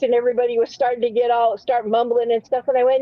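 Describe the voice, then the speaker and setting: Hosting a live panel, a woman rambles through crude comic stories full of restarts. She talks fast and flat with hardly any pauses in a slightly high voice, and the stream audio is dry and a bit muffled.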